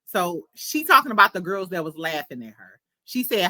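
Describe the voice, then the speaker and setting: A woman's voice: lowish voice, very animated, moderate pace, few pauses, bright, forceful tone, no room sound. A woman hosting a casual gossip show, chatty and sassy, laughing often. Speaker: podcast host.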